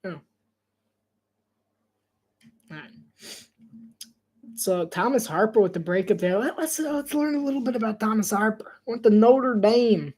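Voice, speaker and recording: Solo live football caller, male, light high voice, chatty and jokey, laughs a lot. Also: fairly quick, pauses often, husky. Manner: chatty, laughs often, self-deprecating asides. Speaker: solo sports commentator. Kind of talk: casual live play-by-play commentary.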